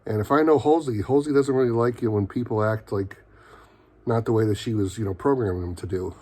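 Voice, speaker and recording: A man's voice: fairly low pitch, fairly quick, darkish tone, slightly rough. Rambling man recapping a show. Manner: rambling, full of fillers and mock quotes. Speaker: TV show reviewer. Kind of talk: casual episode recap.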